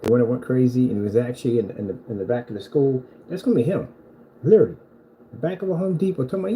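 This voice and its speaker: A man's voice: on the high side, big pitch swings, fast talker, mellow, slight background noise, rough recording. A man who sells screen paint, delivering a heated, mocking reaction rant at a rival. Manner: mocking, combative.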